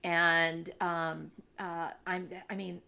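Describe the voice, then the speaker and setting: A woman co-hosting a casual fan podcast, speaking earnestly and warmly with frequent fillers. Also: lowish voice, little pitch movement, extremely slow, vocal fry. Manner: earnest, heartfelt, with many fillers. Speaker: podcast co-host.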